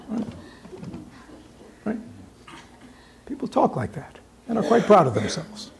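A man giving a dharma talk to an audience, pausing often on fillers and checking in with rhetorical questions. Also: high-pitched, huge pitch swings, vocal fry, a crowd in the background. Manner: halting, with many filler pauses. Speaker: dharma teacher.

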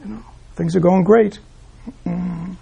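A man's voice: sits high, steady tone, takes it slowly, vocal fry, dark tone, slight background noise. A man giving a Buddhist dharma talk, asking rhetorical questions and tagging "right?" onto his points with small chuckles. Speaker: Buddhist teacher.

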